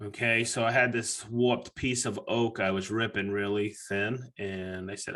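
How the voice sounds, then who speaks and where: Man, podcast host, bright and forceful, casual storyteller, profane, acts out his reactions. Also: on the low side, steady tone, measured pace, few pauses.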